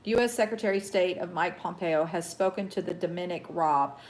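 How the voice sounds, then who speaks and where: A woman hosting a casual live news show, reading headlines haltingly with many ums, chatting to viewers and getting heated about the news. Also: fairly low pitch, darkish tone, slight background noise. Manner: reads haltingly with many ums, greets chat viewers, gets heated and worked up. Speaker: host.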